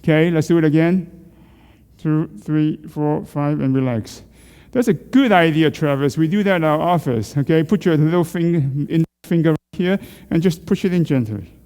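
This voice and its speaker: In a large church hall, a middle-aged man's clear, resonant voice, a little high and mellow, moves at a moderate pace. He is taking a class through neck exercises, coaching them, asking questions and joking.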